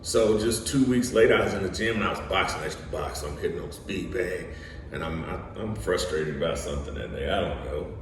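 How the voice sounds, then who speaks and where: A young man, an actor, telling lively stories as a guest in an interview. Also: low voice, brisk. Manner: lively storyteller, acts out quotes. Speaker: guest, actor and studio co-founder. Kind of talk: animated storytelling interview. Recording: echoey room, distant mic, background noise.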